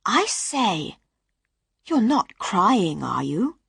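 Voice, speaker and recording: Gentle loving young brother with a soft breathy voice, slow and tender, put on by a woman reader. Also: mid-range voice, big pitch swings, dry recording, full character voice. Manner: warm, loving tone. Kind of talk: storybook reading for English learners.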